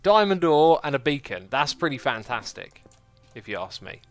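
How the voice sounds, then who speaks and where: Animated man chatting while gaming. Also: mid-range voice, normal speed, soft background music. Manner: chatty, reads viewer comments aloud, self-deprecating jokes. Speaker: livestreaming gamer host. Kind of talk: casual gameplay commentary.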